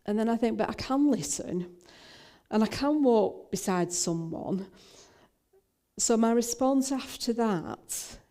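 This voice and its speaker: A woman's voice: on the high side, animated, slow, dark tone. An older woman minister, telling a personal story in a talk, with frequent fillers and restarts.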